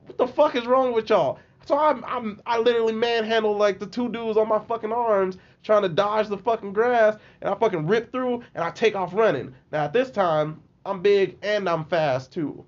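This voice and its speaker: High-voiced man telling animated stories. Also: moderate pace, hardly any pauses. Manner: animated, profane, re-enacts others' voices. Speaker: podcast guest. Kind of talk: casual storytelling. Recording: lo-fi podcast audio.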